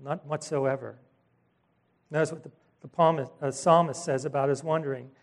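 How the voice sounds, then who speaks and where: A pastor with a somewhat high voice delivers a sermon at a moderate pace. Animated and conversational, he acts out the figures in the scripture he retells, pausing for asides and self-corrections.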